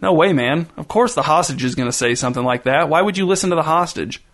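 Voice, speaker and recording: A man's voice: fairly high pitch, expressive, fast talker, a bit bright. A man voicing a mop-haired young slacker, brash and dismissive, in a storybook reading.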